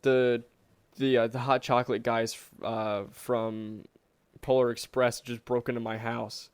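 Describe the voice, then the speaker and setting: A sarcastic young man co-hosting a casual podcast, joking and swearing as he talks. His voice sits at a middle pitch. The sound is dry and close, with no room echo. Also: flat delivery, measured pace, smooth. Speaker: podcast co-host. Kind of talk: casual chat.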